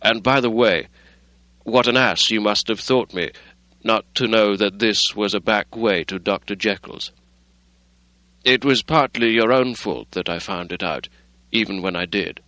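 A man reading a chatty, self-mocking gentleman. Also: on the low side, measured pace, dry recording.

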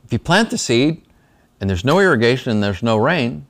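Leading a Bible study in a small room, a man talks conversationally, checking in with his class often and lisping slightly because of retainers. His medium-pitched voice is very lively and quick.

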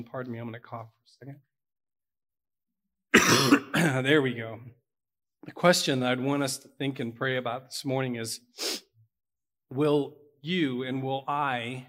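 A man's voice: medium pitch, a bit bright. A man preaching a sermon to his church, earnest and building to emphatic peaks. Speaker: pastor.

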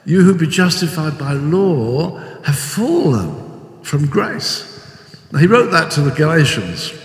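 An older man preaching a sermon with animated storytelling, acting out the voices he quotes. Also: fairly high pitch, slow pace. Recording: echoey hall with long reverb.

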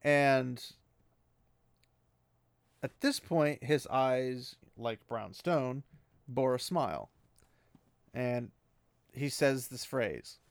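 A man with a gravelly voice recaps a fantasy book chapter in a loose, rambling way. He fills pauses with ums and small laughs. The sound is dry and close to the mic. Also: medium pitch, animated, dry recording.

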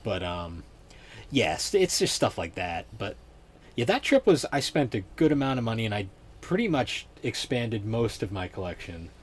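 A man's voice: lowish voice, big pitch swings, normal speed, slightly rough. A young man hosting a podcast in laid-back, rambling casual chat. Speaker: podcast host.

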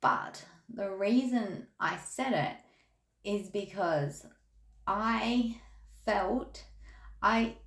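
A woman's voice: medium pitch, very slow, pauses often, fairly bright tone. An Australian woman reading tarot cards in a casual podcast, talking candidly and chatting through stories. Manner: candid, chatty storytelling with laughs. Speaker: tarot reader. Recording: echoey room.

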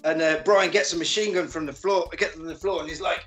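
A man casually recapping a film as a podcast co-host, animated and sweary, acting out characters' lines. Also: high-pitched, quick pace, hardly any pauses, echoey room, faint music behind.

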